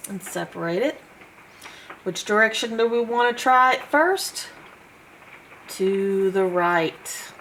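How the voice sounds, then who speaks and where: A woman teaching a phonics lesson, sounding out letters one by one in a slow, patient way. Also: mid-range voice, a bit bright, slight background noise, poor audio. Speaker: homeschool teacher.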